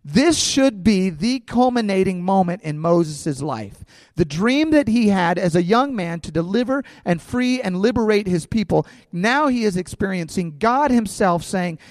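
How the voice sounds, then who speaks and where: A man with a fairly high voice preaches with conviction, asking his listeners questions as he goes. His words ring out with a long reverb, as if in a large hall, though the voice itself stays close to the mic. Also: expressive, unhurried. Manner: impassioned preaching with rhetorical questions. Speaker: pastor. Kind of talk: sermon.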